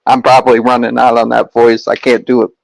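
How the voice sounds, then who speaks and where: A man's voice: mid-range voice, monotone, a little fast, creaky, no room sound, low-quality recording. A young man streaming and chatting casually with his viewers, rambling with lots of fillers and restarts.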